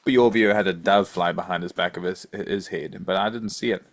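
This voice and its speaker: A man hosting a podcast in casual chat, easygoing and filling pauses with ums. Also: low-pitched. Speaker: podcast host.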